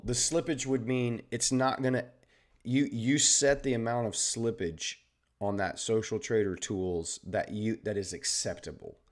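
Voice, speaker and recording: A man with a very deep voice and a Southern Texan drawl, talking through market charts on a live stream. He keeps it loose and conversational, explaining setups step by step and chatting with the people watching. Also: darkish tone. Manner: easygoing, chatty, greets viewers and explains charts. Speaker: trading livestream host. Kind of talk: casual live trading commentary.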